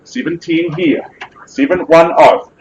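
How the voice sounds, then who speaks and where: A man's voice: fairly high pitch, steady tone, a little slow, a little mellow, dull audio, a little hiss or hum. A man with a New Zealand accent calling a live property auction with jovial, persuasive patter.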